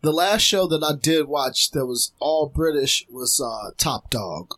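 A man's voice: a little high, animated, unhurried, a bit bright, low-quality recording. A man co-hosting a podcast, laid-back and chatty, laughing along in casual banter. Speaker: podcast co-host.

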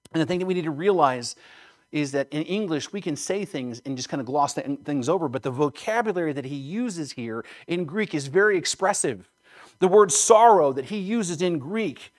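A man preaching a sermon, earnest and emphatic, repeating phrases for emphasis and checking in with "right?". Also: on the high side. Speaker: pastor.

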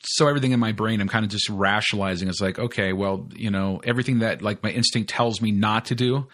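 A man hosts his podcast with a loose, rambling monologue, piling up fillers and restarts and swearing freely. His voice sits on the lower side of the male range. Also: fairly even intonation, fast talker, a bit bright. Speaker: podcast host. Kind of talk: casual storytelling monologue.

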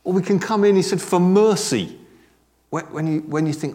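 A man preaching a sermon in a conversational, animated way, dropping joking asides to a congregation that answers back. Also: a little high, normal speed. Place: church service with congregation responding.

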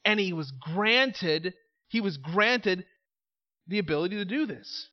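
High-voiced male preacher. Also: lively intonation, a little slow, in a large hall. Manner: emphatic, asks rhetorical questions, calls out "Amen?". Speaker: pastor. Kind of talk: sermon. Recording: slightly muffled recording.

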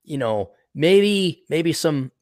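A man's voice: fairly high pitch, lively intonation, slow, no echo, clean studio sound. A man hosting a podcast in casual chat, ranting crudely and mocking. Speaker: podcast host.

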